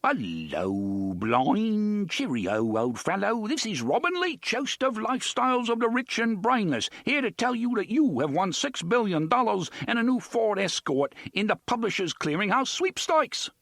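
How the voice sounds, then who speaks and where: A man's voice: high-pitched, sing-song, unhurried, few pauses, a bit bright, dry recording, studio quality, pitched above the performer's own voice, full character voice. A man voicing a young man who bellows into an intercom as a pompous TV host, in a plummy, openly bogus British accent. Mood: manic mockery.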